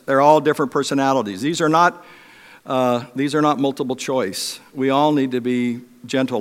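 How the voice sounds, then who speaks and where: Middle-aged man from Europe, preacher; chatty storytelling sermon, long reverb of a big hall. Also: medium pitch. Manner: conversational storytelling with many restarts and fillers.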